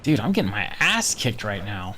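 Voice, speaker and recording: A video game streamer chatting through gameplay in a casual, animated way. The pitch swings around a lot, with frequent laughs and offhand swearing. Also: normal speed, slight background noise.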